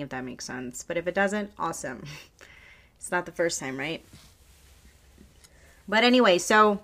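A woman's voice: on the low side, lively intonation, a little slow, pauses often, fairly bright tone. A woman hosting a podcast in loose, rambling casual chat, swearing freely, on a foam-covered mic. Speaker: podcast host. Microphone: podcast microphone with foam cover.

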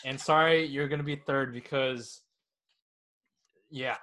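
A man hosting a podcast, judging a casual panel debate in a relaxed, rambling, slangy way. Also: medium pitch, takes it slowly. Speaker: podcast host.

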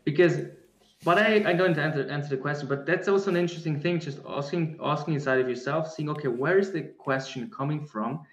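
A man's voice: on the high side, fairly quick, highs cut off. Roomy, thoughtful man searching for words. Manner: searching, many restarts and fillers. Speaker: guest speaker on embodiment. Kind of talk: reflective conversational answer.

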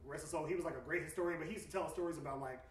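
A man's voice: a little high, very fast, recorded from a distance. Man telling a story, off-mic. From Atlanta, USA. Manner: candid storyteller, relaxed and frank. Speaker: podcast host. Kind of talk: casual podcast chat. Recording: roomy, off-mic.

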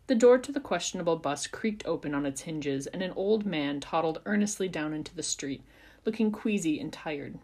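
A woman with a fairly low voice reads a story chapter aloud for a podcast. She takes an expressive, measured pace and leans into the narration. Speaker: podcast reader. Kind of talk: reading fan fiction aloud.

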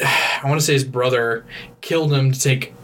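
A man's voice: mid-range voice, fairly even intonation, moderate pace, fairly bright tone, a little hiss or hum. Rambling, laughing podcast host man. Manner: rambling, hesitant, laughs often. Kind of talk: casual movie recap chat.

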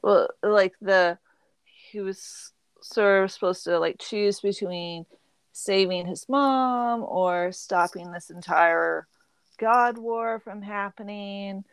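A woman in her thirties hosting a casual book club podcast, chatty and quick to laugh. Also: mid-range voice, clear, resonant tone, dry recording. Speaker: podcast host.

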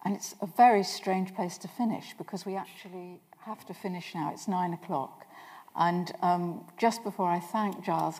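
English woman hosting a talk, lowish voice, measured, echoey hall. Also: a little mellow. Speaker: interviewer and chair. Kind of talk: chairing a public event. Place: London event hall. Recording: long hall reverb.

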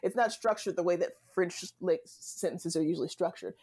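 A woman's voice: on the low side, brisk, darkish tone, husky. A woman chatting casually as a guest, full of fillers and frequent laughter. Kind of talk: casual conversation. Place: Southern United States.

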